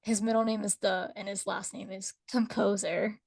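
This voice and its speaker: A woman's voice: medium pitch, flat delivery, normal speed, vocal fry, a little mellow, dry recording. A woman co-hosting a podcast in casual chat. She laughs a lot and uses "like" often. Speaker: podcast co-host.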